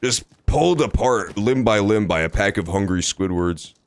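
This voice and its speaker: Male streamer, low and very animated pitch, casual profane game commentary. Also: moderate pace. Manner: joking, profane, jumps between high and low pitch.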